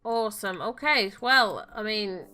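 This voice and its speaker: Let's-play host, woman, bright tone, soft fussing commentary, faint game music. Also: mid-range voice, expressive, a little slow, clear, resonant tone. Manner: coos and fusses gently at the game characters. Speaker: gaming channel host.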